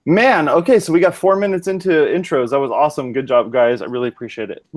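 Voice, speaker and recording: A man's voice: a little high, fast talker, a little hiss or hum, low-quality recording. Guy hosting a podcast, chill and upbeat, lots of ums and you knows. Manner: upbeat, loose, with many fillers. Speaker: podcast host. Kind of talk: casual podcast chat.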